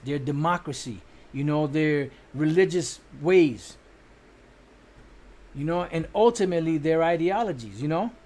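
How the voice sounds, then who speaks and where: Man, raised pitch, informal scripture teacher, rambling with restarts and cursing. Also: darkish tone. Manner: casual, profane asides, fillers and restarts; looks up words while talking. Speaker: street preacher.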